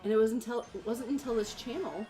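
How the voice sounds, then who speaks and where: A woman's voice: on the high side, fast talker, dark tone. A woman co-hosting a casual gameplay stream, teasing her co-host and talking to herself as she plays. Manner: teasing, laughing, talks to herself while playing. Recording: game music behind the voice. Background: game music.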